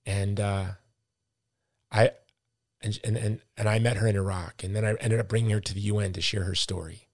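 A man's voice: on the low side, little pitch movement, normal speed, dry recording, clean studio sound. A middle-aged man hosting a podcast, ranting with emphatic, repeated words as he comments with passion. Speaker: podcast host.

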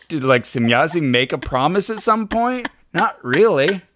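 A man's voice: fairly high pitch, very animated, a little slow, background noise. A man co-hosting a casual chat, amused, laughing often and reading passages from a book. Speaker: podcast co-host.

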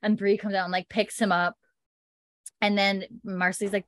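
A woman's voice: mid-range voice, level tone, normal speed, fairly bright tone. A woman in casual chat, animatedly retelling scenes from a show and acting out the characters' lines, with plenty of fillers. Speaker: podcast co-host recapping a TV episode.

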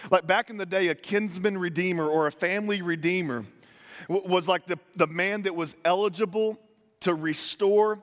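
A man's voice: on the high side, fairly bright tone. A man preaching a conversational sermon, telling the story playfully with modern asides and stammered restarts. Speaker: pastor. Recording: echoey hall with long reverb.

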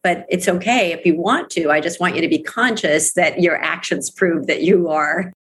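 A woman's voice: lowish voice, normal speed, slight background noise. A middle-aged woman speaking as an interview guest about her network marketing career, earnest and emphatic, repeating phrases for weight. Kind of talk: candid interview talk.

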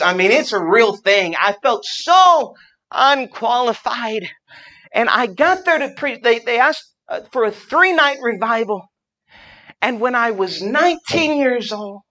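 A man preaching a revival sermon, swinging from shouted fervor to hushed storytelling. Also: sits high, poor audio. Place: church gathering room.

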